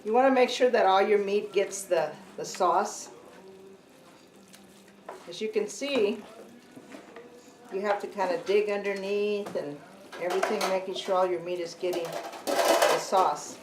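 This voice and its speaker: Middle-aged home cook, woman, chatty kitchen how-to, mid-pitched, recorded from a distance in an echoey kitchen. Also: measured pace, pauses often. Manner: chatty, keeps saying okay, corrects herself mid-sentence. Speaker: home cook teaching a family recipe. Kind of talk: casual cooking demonstration. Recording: echoey room, distant mic, faint hiss.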